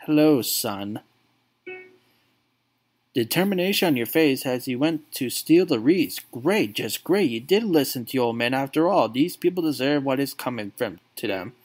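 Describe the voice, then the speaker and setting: A man's voice: medium pitch, lively intonation, moderate pace, voice pushed down, natural voice. A man voicing a bitter, drunken father in a video game playthrough, speaking in a sneering, scornful way. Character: drunken, bitter middle-aged father, gruff.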